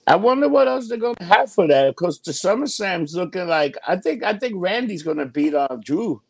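A man's voice: high voice, sing-song, moderate pace, gravelly. A man in casual chat as a podcast co-host, profane and gossipy, laughing often.

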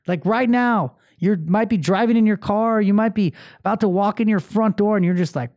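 A man's voice: sits high, normal speed, a little mellow, no room sound, studio quality. A man hosting a solo motivational podcast, talking bluntly and with plenty of swearing about a bad day and feeling angry. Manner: blunt, profane, emotionally open. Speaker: podcast host.

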